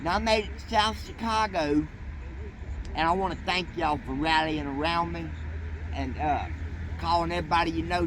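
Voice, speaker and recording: A man telling a rambling story in folksy, profane, colloquial speech, as a train-hopping vlogger. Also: fairly high pitch. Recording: noisy outdoor street recording.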